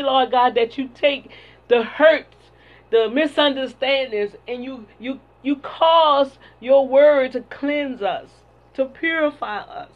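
A woman preacher delivering a sermon and prayer in a fervent, repetitive cadence, on a dull lo-fi recording. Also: high-pitched. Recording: dull lo-fi sound.

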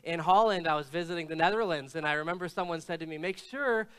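A man delivers a sermon with a higher-pitched voice than most men. His voice is smooth and clear. He speaks in an easygoing, storytelling way and often pauses on fillers. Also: steady tone, fairly bright tone. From Canada. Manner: conversational storytelling with frequent filler hesitations. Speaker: pastor.

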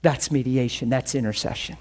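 A man's voice: medium pitch, steady tone, brisk, a little mellow. A man preaching a teaching sermon and telling his own testimony, earnest and emphatic, often repeating words as he builds a point.

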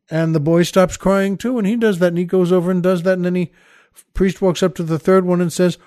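A man's voice: high-pitched, fairly even intonation, fairly quick, darkish tone, no room sound, studio quality. An older man hosting a casual comedy podcast, rambling through plugs and a joke with a chuckle, stopping and restarting, doing small voices for the characters. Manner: rambling, chuckling storyteller who tells jokes with little voices. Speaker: podcast host.

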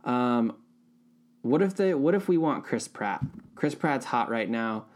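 A man's voice: mid-range voice, lively intonation, unhurried. A man hosting a casual movie podcast, chatting and laughing often, restarting his sentences. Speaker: podcast host. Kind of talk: casual chat about movies.

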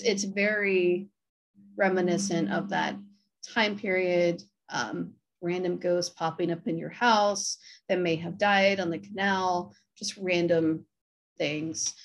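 A woman hosts a round-table chat over a video call, her voice full of gravelly fry. She talks in a relaxed, conversational way and passes the turn to her guests. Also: on the low side. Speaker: host. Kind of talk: casual chat.

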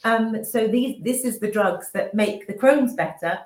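Speaking at a measured pace in a slightly high, mellow voice, this interview guest, a mother and business owner in her fifties, shares an emotional personal story. She restarts her sentences often and voices remembered speech from others, with roomy echo in the recording.

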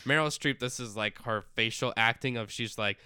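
A man's voice: medium pitch, moderate pace, pushed and bright, smooth, no room sound, clean studio sound. A man chatting casually as a podcast co-host, rambling through a film's plot with lots of fillers and acted-out quotes. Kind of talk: casual chat recapping a film.

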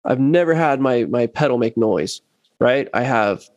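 A man in casual chat, telling a long story about a gig and acting out what others said in lively quoted voices. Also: medium pitch, unhurried, no room sound, dull audio. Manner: animated, acts out quotes of others. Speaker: bass player telling a story.

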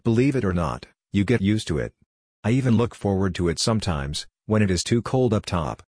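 A man's voice: fairly low pitch, very animated, fairly quick, darkish tone, dry recording, clean studio sound. A man voicing a thin, short male justice with a European accent, talkative and matter-of-fact. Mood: friendly.

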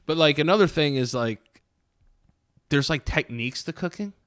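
A man co-hosting a podcast in relaxed, rambling banter, swearing casually. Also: fairly high pitch, normal speed, dry recording, studio quality. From Italian-American family. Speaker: podcast co-host.

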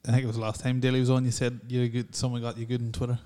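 A man with a mellow, warm tone jabs at his friends in casual podcast banter. His pitch sits in the middle. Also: completely flat delivery, rapid-fire, smooth. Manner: teasing, jabbing remarks. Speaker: podcast co-host.

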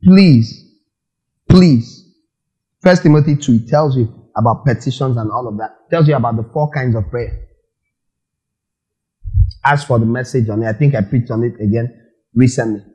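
A man's voice: medium pitch, moderate pace, pauses often, darkish tone, highs cut off. A man preaching a sermon as a pastor, asking the congregation questions and acting out quotes.

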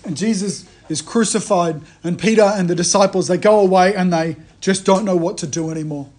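A man giving a conversational sermon, retelling a story in a lively way and often restarting his phrases. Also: high-pitched, fairly quick. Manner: animated storytelling, frequent restarts. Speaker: preacher.

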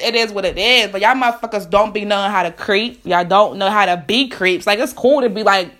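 A woman's voice: medium pitch, fairly bright tone. A woman, ranting bluntly to camera, profane and emphatic with repeated rhetorical questions.

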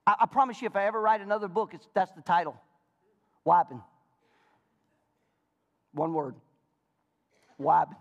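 A man preaching a sermon as pastor, swinging between shouted highs and hushed lows, with playful jokes to the congregation. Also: very fast, hardly any pauses, big-room sound, lo-fi sound. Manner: animated preaching, swinging from high shouts to low murmurs; playful, joking asides to the congregation.

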